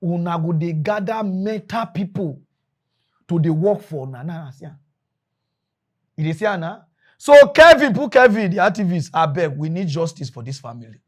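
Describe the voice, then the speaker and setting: A man with a Nigerian Pidgin accent, ranting in animated commentary as a mock news presenter. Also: high-pitched, moderate pace.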